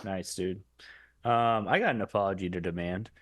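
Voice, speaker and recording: A man in his twenties, a podcast co-host, telling a comedic story in a casual, animated way and laughing as he goes. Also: low-pitched, normal speed, dry recording, clean studio sound. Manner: animated, laughs through his story, drops into a gruff growl for quoted lines. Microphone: close podcast mic.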